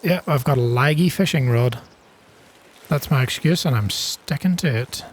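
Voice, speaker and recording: A man's voice: medium pitch, moderate pace. A man hosting his own gaming channel, giving chatty, self-deprecating commentary while he plays and gasping with surprise at each new thing. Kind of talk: casual gameplay commentary.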